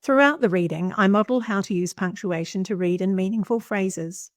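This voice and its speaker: A middle-aged woman teacher, giving a clear, expressive classroom lesson and stressing key words for young readers. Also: mid-range voice, moderate pace, no echo, studio quality.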